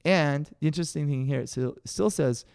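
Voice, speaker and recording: A man's voice: a little high, fairly quick, creaky, clean tone, no echo, clean studio sound. A Canadian man co-hosting a podcast, telling stories in a casual chat and acting out voices with lots of laughter. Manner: animated, acts out quoted voices, laughs often. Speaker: podcast co-host.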